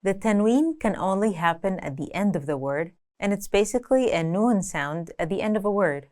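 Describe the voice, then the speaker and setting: A woman giving a scripted language lesson, speaking clearly and deliberately, slowing down to say example words. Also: mid-range voice, lively intonation, darkish tone. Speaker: language teacher.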